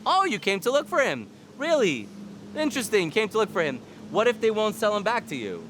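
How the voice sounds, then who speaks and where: A man's voice: high-pitched, wildly swooping pitch, fairly quick, background noise. A man voicing a suspicious male ruler who sarcastically interrogates strangers as spies. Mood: sarcastic. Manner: sarcastic, accusing.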